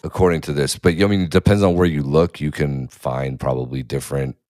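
A man's voice: a bass voice, steady tone, fairly quick, darkish tone, dry recording, studio quality. A man in his thirties chatting casually as a podcast co-host, blunt and profane, laughing easily. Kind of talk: casual chat.

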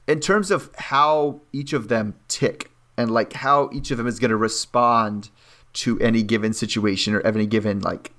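Animated man who mimics people. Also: medium pitch, normal speed. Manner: animated, mimics people sarcastically, says "like" often. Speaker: podcast co-host. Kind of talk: casual chat recapping a reality show.

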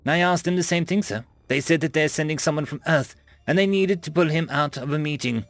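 A man's voice: on the high side, fairly quick, no room sound, voice pushed up, lightly acted. A man voicing a young male alien analyst who speaks hesitantly and deferentially.

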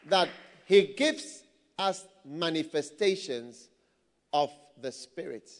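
A man preaching a sermon, telling stories with bursts of shouting and laughter. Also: on the high side, very animated, slow pace, long pauses, some chatter behind. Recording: long hall reverb.

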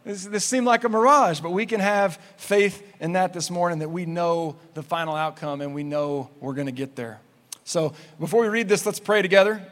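A man in his thirties preaching a sermon in a church, energetic and conversational, with playful asides. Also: sits high, moderate pace. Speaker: pastor. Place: church sanctuary. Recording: long hall reverb.

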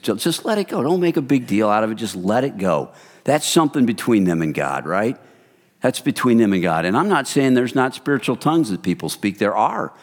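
A male pastor preaching a sermon at a middle pitch in a casual, animated way and telling stories to his listeners. His voice carries a long hall reverb. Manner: conversational, animated storytelling.

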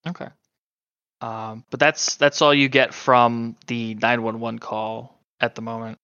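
A man narrating a tabletop game as game master, halting and full of fillers. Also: medium pitch, flat delivery, bright, forceful tone, clear, resonant tone, dry recording, lo-fi sound.

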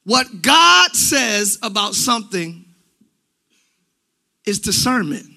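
Middle-aged male pastor, very high sharp voice, shouted animated sermon delivery in a church. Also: slow pace, creaky. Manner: preaching with shouted, animated emphasis. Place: church sanctuary.

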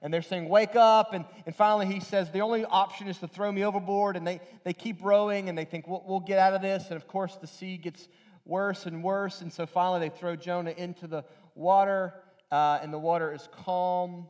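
High-voiced man preaching earnestly. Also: steady tone, brisk, darkish tone. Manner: earnest, with many restarts and repeated phrases for emphasis; acts out quoted lines in a raised, pleading voice. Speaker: pastor. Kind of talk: sermon.

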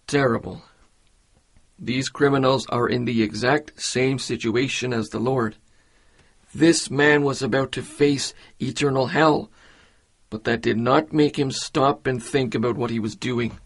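Male devotional speaker, slow and deliberate, earnest, mid-pitched voice. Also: fairly even intonation. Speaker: preacher. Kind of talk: devotional meditation.

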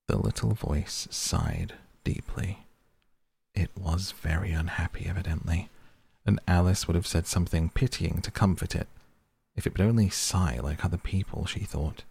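A man reading a storybook aloud in a calm, even manner. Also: low-pitched, moderate pace, gravelly, husky. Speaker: narrator. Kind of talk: audiobook reading.

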